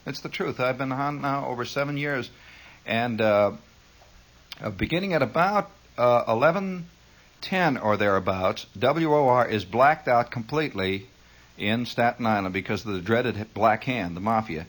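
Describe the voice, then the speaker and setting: Late at night in a radio studio, a male host riffs through a dry, sardonic monologue with widely swooping pitch. He wanders from aside to aside, taking on a mock-grandiose tone.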